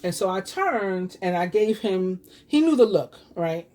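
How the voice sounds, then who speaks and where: Talking to her viewers, a fifty-something New York tarot reader with a New York accent shares a personal story, chatty and rambling, with lots of fillers and restarts. She speaks at a measured pace and medium pitch, with lively intonation and a slightly mellow tone.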